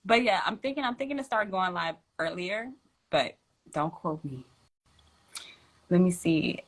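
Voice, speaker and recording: A woman's voice: fairly low pitch, unhurried. A woman hosting a tarot livestream from home, chatting casually in slang, laughing often and reading out viewer comments.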